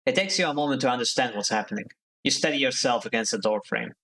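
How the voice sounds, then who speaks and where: A man streaming a narrative game, reading the text aloud at a middle pitch. He breaks in with relaxed, joking asides between passages. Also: fast, rough recording.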